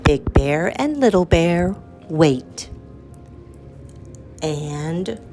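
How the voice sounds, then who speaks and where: A woman reading a picture book aloud to children, in a slow, lilting and expressive storyteller's manner. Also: low-pitched, music in the background.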